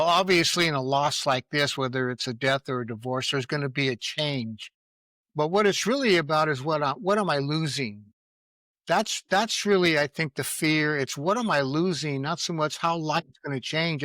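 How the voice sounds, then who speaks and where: A middle-aged parenting coach answers interview questions candidly, in a fairly high, sharp-toned voice on a dry recording. He comes across as earnest and reflective, drawing on his own experience.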